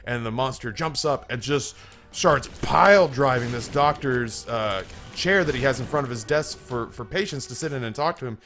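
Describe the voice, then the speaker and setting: A man's voice: mid-range voice, normal speed, fairly bright tone, soft background music. Rambling male game commentator. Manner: rambling, stammering restarts. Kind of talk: casual gameplay commentary and joke telling.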